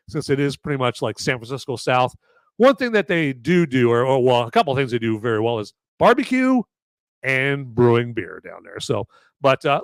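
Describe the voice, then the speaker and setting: A man's voice: medium pitch, dry recording. A man with a sore throat hosting a casual live show, rambling and joking with lots of fillers and restarts. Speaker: podcast host reviewing beer. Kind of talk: casual live-stream chat.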